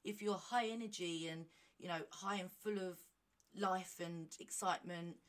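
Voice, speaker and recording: Woman rambling on her podcast, lively and jokey, reads bits out and comments. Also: on the low side, moderate pace. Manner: chatty, animated and self-mocking, reading aloud with asides. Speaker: podcast host. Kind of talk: casual solo monologue.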